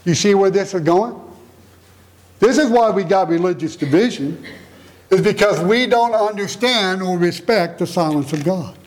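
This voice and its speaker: A man's voice: high voice, normal speed. A middle-aged man preaching a sermon, emphatic and fond of repeated rhetorical questions.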